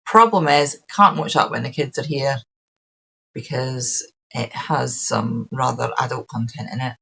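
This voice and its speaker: A woman's voice: very deep voice, measured pace, gravelly, sharp tone, husky, low-quality recording. A Scottish woman hosting a podcast, chatting casually and rambling with lots of ums and restarts. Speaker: podcast host. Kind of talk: casual chat.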